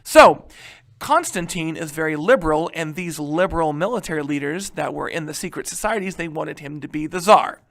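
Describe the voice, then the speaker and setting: Upbeat guy teaching history, talks to the class like friends, keeps saying right, pretty high voice. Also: moderate pace. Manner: animated, joking, keeps asking "right?". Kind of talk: casual classroom lecture.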